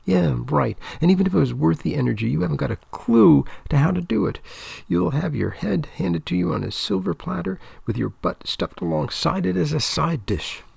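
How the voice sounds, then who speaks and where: A man voicing an upset, sharp-tongued young female debater in a read-aloud story. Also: on the high side, lively intonation, a little fast, creaky, breathy edge, no echo, voice pushed up, exaggerated voice. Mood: scornful, upset. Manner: indignant, scornful.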